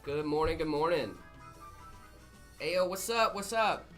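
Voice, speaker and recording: A man's voice: fairly high pitch, unhurried, a bit bright, soft background music. A young man co-hosting a casual livestream, reading chat aloud with playful, jokey banter. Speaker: livestream co-host. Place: studio in Phoenix, Arizona.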